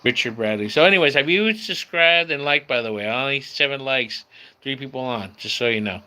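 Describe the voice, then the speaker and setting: In this clip the man's pitch is medium, his intonation lively, his pace brisk and his tone sharp. He's a San Diego, California livestream host chatting casually with viewers from home near a screen door, relaxed and calling everyone bro and dude.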